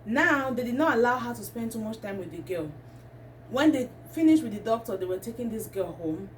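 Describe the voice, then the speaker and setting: A woman's voice: on the high side, expressive, fairly quick. A woman, talking to camera as a vlogger and ranting with indignation. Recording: distant mic, faint background noise.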